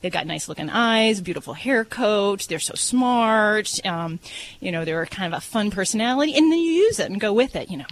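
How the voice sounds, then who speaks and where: A woman veterinarian, a guest on a radio talk show, explaining things in a relaxed way with fillers. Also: medium pitch, moderate pace, low-quality recording. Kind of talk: casual radio interview.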